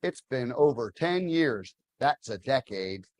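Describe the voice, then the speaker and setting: A man playing an earnest, simple Southern restaurant owner in a promo clip, slow and plain. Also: medium pitch, big pitch swings.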